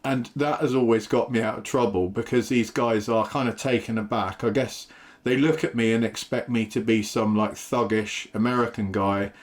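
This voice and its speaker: A man's voice: mid-range voice, fairly even intonation, normal speed. A man with an English accent giving a casual, rambling travel talk to camera, full of fillers. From England. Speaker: travel vlogger.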